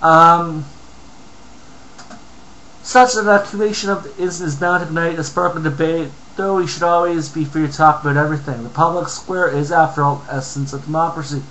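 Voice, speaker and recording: A man's voice: on the high side, steady tone, a little fast, sharp tone, slight background noise, rough recording. A man reading a news article aloud and breaking off into angry, profane rants about it. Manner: profane, ranting, interrupts his own reading. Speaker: commentator reading and reacting to an article. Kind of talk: angry ranting commentary.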